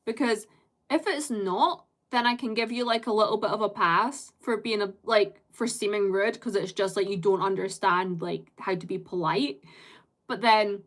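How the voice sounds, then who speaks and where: A woman's voice: medium pitch, moderate pace. A British woman live-streaming, chatting casually with viewers in a rambling way and laughing often.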